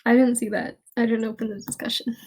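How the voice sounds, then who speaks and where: A woman's voice: fairly high pitch, little pitch movement, fast, darkish tone, slightly rough. A young woman chatting on a casual podcast over an online call, easygoing and talkative. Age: young adult. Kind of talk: casual chat.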